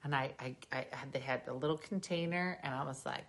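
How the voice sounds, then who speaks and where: A woman's voice: extremely low pitch, brisk. A woman with a New Jersey accent hosting a casual podcast chat, a little tipsy and cooing at her dogs. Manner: chatty, talks sing-song to her dogs. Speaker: podcast host.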